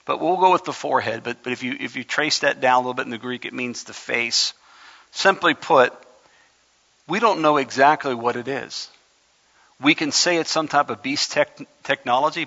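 Gravelly preacher in an echoing hall. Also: male voice, mid-range voice, bright, forceful tone, dull audio. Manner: conversational, rising to impassioned. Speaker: pastor. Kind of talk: sermon.

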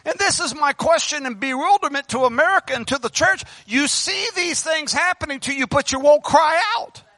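Male pastor, high-pitched, bright tone, passionate sermon delivery into a church microphone. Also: normal speed, no echo. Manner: fervent preaching, swinging between loud bursts and hushed pleading. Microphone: handheld microphone.

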